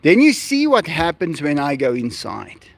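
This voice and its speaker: A man's voice: a little high, wildly swooping pitch, normal speed, creaky, dry recording. A man with a South African accent, Afrikaans his first language, chatting animatedly to livestream viewers beside an animal enclosure. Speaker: livestream host. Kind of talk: casual livestream chat.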